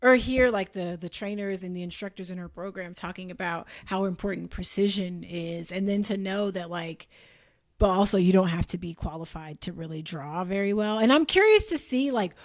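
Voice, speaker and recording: A woman's voice: lowish voice, moderate pace. An American woman co-hosting a book podcast, chatting casually and laughing often as she recaps the story. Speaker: podcast co-host.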